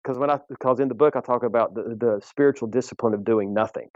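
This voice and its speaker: A man's voice: medium pitch, fast talker, dry recording, muffled recording. A man, a guest author on a faith podcast, speaking emphatically and issuing a challenge, with frequent restarts.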